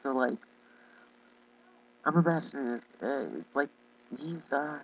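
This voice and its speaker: Giggly, rambling young vlogger. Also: male voice, medium pitch, animated, vocal fry, far from the mic, lo-fi sound. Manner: rambling, giggly, halting with many restarts. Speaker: YouTube storyteller. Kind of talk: casual storytelling vlog.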